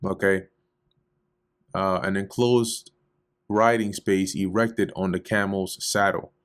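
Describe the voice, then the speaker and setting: A man with a fairly low voice leads a relaxed Bible study. He reads the archaic verses aloud, then restates them in loose, casual everyday slang. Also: slow, clean tone. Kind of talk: casual scripture reading and commentary.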